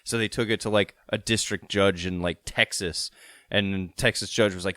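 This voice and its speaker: A man's voice: fairly low pitch, steady tone, normal speed, fairly bright tone, no echo. A man co-hosting a podcast who tells stories in a rambling way with many fillers. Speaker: podcast co-host. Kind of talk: casual banter.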